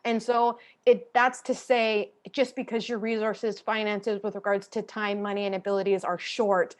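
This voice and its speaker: Woman, panel guest over a video call, mid-pitch, frank and fired up, the odd casual swear. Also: flat delivery, normal speed. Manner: passionate, candid, swears casually. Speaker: panel guest, theater artist. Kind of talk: panel discussion talk.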